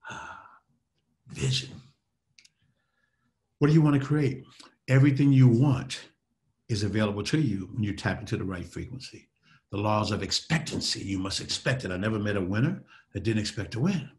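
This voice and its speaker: A man giving a motivational talk in an interview, speaking in a dynamic, preacher-like way that swings between loud and soft. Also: fairly low pitch, lively intonation, fairly quick. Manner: dynamic, preacher-like delivery with sweeping shifts in loudness.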